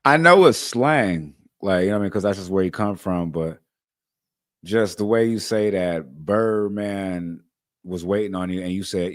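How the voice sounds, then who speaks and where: A man with a lowish voice hosts a livestream interview, earnest as he talks to his guest and his viewers. The sound is close and dry. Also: moderate pace, no echo. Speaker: host.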